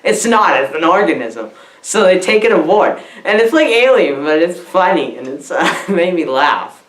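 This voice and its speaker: A woman's voice: lowish voice, sing-song, normal speed. Giggly rambling woman in an echoey room. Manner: dim-witted, giggly, meandering, acts out the characters. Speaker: comic movie reviewer persona. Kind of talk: rambling comic monologue.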